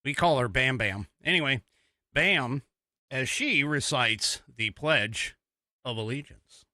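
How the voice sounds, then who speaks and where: Speaking slowly, a man from the United States hosts a live podcast in a rambling, talkative manner marked by fillers and restarts. His voice is mid-range with a sharp tone. Studio sound is clean, with no room sound at all.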